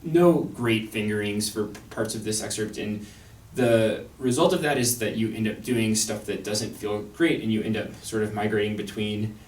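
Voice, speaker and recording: A man's voice: fairly low pitch, fairly even intonation, moderate pace, a little mellow. Young man explaining violin, echoey room. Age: young adult. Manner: thoughtful, wry, with fillers and restarts. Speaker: violin teacher. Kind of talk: instructional talk on an orchestral excerpt. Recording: echoey room, mic at a distance.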